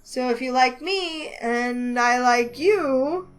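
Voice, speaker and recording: A woman reading a romance game aloud in a lively, excitable way, with faint music behind her. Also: high-pitched, slow pace, poor audio. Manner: lively, excitable, voices the heroine with outbursts. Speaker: gaming channel host reading a visual novel.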